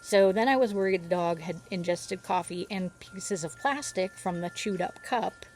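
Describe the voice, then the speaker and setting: Outdoors near some birds, a woman vlogger tells a long, rambling story to the camera, easily distracted by the birds around her. Her voice is on the low side and a little mellow, at a normal speed, with slight background noise.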